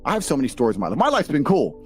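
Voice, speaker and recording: A man's voice: mid-range voice, wildly swooping pitch, rapid-fire, soft background music. A middle-aged man with an English accent, a former fighter telling stories in casual chat, blunt and profane. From England. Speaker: podcast guest, former kickboxer.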